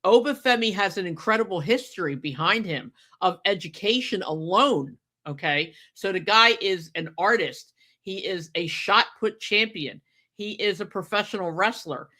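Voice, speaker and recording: A woman's voice: mid-range voice, unhurried, pushed and bright. A woman hosting a podcast in casual chat, emphatic and talkative, often tagging her points with "okay?". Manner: emphatic, chatty, keeps adding "okay?". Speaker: podcast host.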